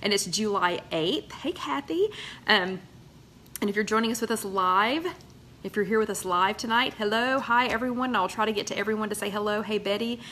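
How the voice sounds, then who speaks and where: A woman's voice: mid-range voice, fairly quick, sharp tone, a little hiss or hum. A woman hosting a casual live chat from her loft at home, rambling and greeting viewers one by one. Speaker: host of a live weight-loss chat.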